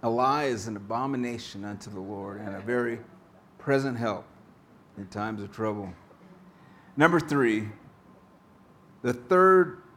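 A male pastor delivering a sermon at an unhurried pace. He reads scripture with weight and drops in storytelling asides, keeping his pitch in a middle range. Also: fairly bright tone, slight background noise. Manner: slow, deliberate preaching with joke-telling asides.

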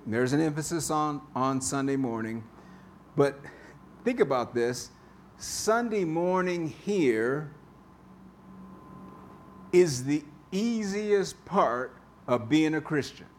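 A man's voice: a little high, lively intonation, slow, pauses often, slight background noise. A male pastor giving a conversational sermon in a church, repeating key phrases for emphasis. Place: church sanctuary.

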